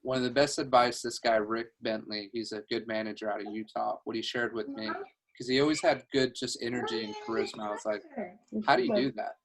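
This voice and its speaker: A man's voice: on the low side, fairly even intonation, a little fast. A man coaching a sales team on a video call from home, upbeat, laughing easily and restarting his phrases, talking into a headset.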